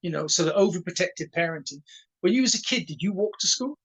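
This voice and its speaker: High-pitched and fast, a husky sixty-something karate instructor from Wales guests in a casual storytelling interview with poor audio. He tells his tales animatedly, acting out the dialogue and stuttering on repeated words.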